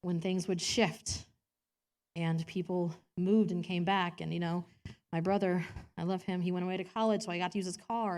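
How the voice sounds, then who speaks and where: A woman's voice: lowish voice, a little slow. A woman preaching a personal sermon in a church, chatty and self-deprecating, laughing often and acting out quotes in different voices.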